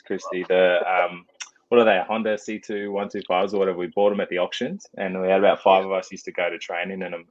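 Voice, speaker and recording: Very deep co-host teasing. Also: male voice, lo-fi sound. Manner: teasing banter. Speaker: co-host, former player. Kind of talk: casual chat.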